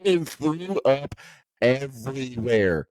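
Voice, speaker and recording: A man's voice: mid-range voice, animated, slow, darkish tone. A man telling rambling stories in casual chat among friends, full of "bro" and "dude". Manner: rambling storyteller, peppers talk with "bro" and "dude".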